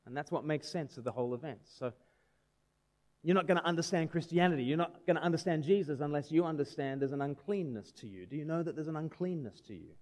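A man's voice: a little high, fast talker, a little mellow. A man in his thirties preaching a sermon in a conversational way, asking his listeners questions. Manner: conversational, asks the audience questions.

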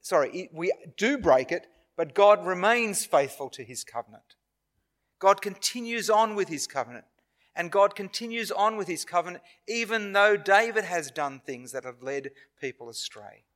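Australian man preaching, fairly high voice. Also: animated, fairly bright tone. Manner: earnest, measured preaching with frequent pauses and self-corrections. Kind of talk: sermon. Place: church.

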